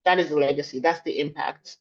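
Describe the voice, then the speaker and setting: A woman's voice: deep voice, fast talker. Woman, reflective closing speech, repeats phrases for emphasis, muffled lo-fi call audio. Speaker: mentor or program leader. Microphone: video call.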